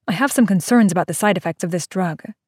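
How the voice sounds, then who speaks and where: A woman's voice: fairly low pitch, fast, a little mellow, slightly rough, no room sound, studio quality. A woman voicing a stubborn, defensive mother in an audiobook, resentful and combative. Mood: pushy. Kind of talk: audiobook character voice.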